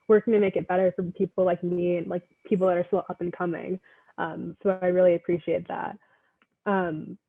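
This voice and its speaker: High, gravelly young man on a tinny line. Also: no echo. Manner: appreciative, hesitant fillers. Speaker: student moderator. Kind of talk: panel moderation. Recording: tinny phone-like line, dry.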